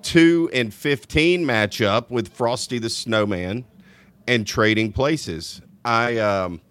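Louisiana guy hosting a live podcast, rambly and chuckling, average pitch, dead dry room. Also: takes it slowly, a bit bright, smooth, no room sound. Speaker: podcast co-host. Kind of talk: live casual podcast chat.

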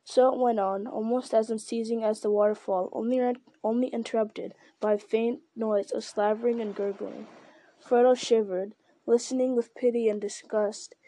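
A woman reads a story aloud in a steady, measured way. Her voice is warm and mellow, slightly high. The sound is dry and close to the microphone. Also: no room sound. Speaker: audiobook narrator. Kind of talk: scripted narration.

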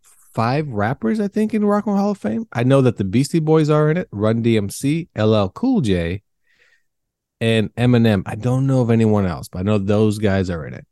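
A man's voice: medium pitch, expressive, moderate pace, mellow, dry recording, clean studio sound. A young adult man co-hosting a casual podcast chat, laid-back and rambling, swearing now and then. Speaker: podcast co-host.

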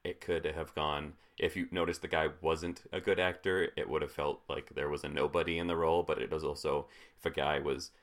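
A young man in his twenties with a very low, deep voice, talking casually about films. He rambles and leans on "like" constantly. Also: flat delivery, a little fast, few pauses. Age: 20s. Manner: filler-heavy, rambling with frequent "like". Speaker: podcast co-host. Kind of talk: casual chat about movies.

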